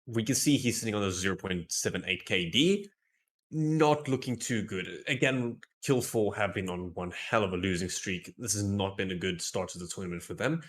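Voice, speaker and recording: A man co-casting esports, walking through stats in a measured, wry way. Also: fairly low pitch. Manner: measured, stat-focused, wry. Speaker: esports analyst co-caster. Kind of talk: pre-match stats analysis.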